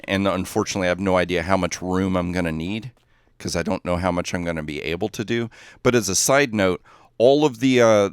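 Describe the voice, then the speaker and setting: A man's voice: low voice, clean tone, no room sound, studio quality. A man chatting casually while livestreaming a game, rambling and easily distracted, often laughing at his own jokes. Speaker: gaming livestreamer.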